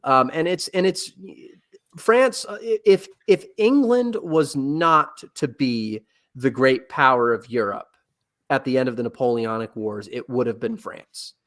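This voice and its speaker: A man talks as a podcast guest, lecturing eagerly about history and a favorite novel. His voice sits at an ordinary middle pitch. He keeps backing up and restarting his sentences, padding them with loose filler words as he goes. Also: unhurried, fairly bright tone. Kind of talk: casual chat.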